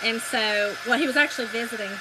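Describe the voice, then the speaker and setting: A woman's voice: a little high, fast, background noise. A woman with a Southern US accent hosting a crafting livestream, chatting with viewers and telling stories. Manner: chatty storytelling, addresses viewers as y'all. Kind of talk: casual crafting livestream chat.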